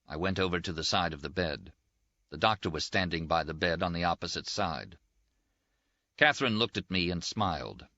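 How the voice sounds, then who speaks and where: A male audiobook narrator with a very low yet bright, forceful voice, reading a novel in a steady, measured way. The recording is dry, close and a little dull. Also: no room sound. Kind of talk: scripted literary narration.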